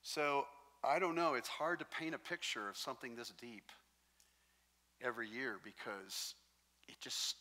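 A male pastor delivers a sermon, spinning stories in an animated, jokey way. His voice is bright and forward, sitting at an average pitch for a man. The sound carries a long, lingering reverb from a large hall. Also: unhurried, long pauses. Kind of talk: sermon with storytelling.

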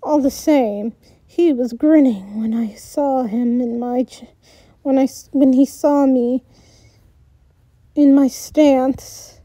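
A woman's voice: high voice, takes it slowly, warm tone, no echo. A woman reading a first-person story aloud, with restarts and little asides. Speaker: story reader.

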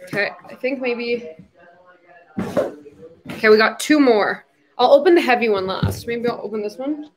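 Chatty young woman with a high voice. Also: measured pace, long pauses. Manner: chatty and giggly, baby-talking to her puppy. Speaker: livestream host. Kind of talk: casual livestream chat.

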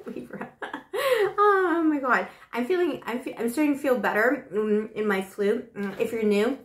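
A woman reading tarot in a casual, flirty, teasing way, full of pet names, with her voice still rough from the flu. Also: medium pitch, roomy sound. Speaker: tarot reader.

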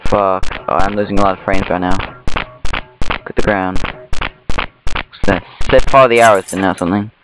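A man's voice: deep voice, steady tone, normal speed, pauses often, poor audio. A young man giving nervous, swear-filled commentary while playing a horror game. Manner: jumpy, swearing, nervous rambling. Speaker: gameplay streamer. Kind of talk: horror let's play commentary. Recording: game music behind the voice.

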